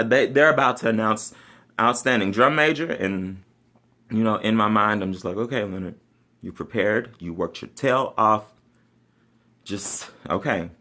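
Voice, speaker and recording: Sassy, animated man telling a story. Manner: animated and sassy, laughing often, swinging between loud outbursts and low asides. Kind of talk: casual comedic personal storytelling.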